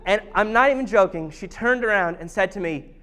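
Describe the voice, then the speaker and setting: Guy pastor in his 30s, kinda high voice, chatty and joking about himself in a sermon. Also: brisk, bright, forceful tone. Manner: chatty, self-deprecating, humorous. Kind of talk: conversational sermon with storytelling. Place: church service.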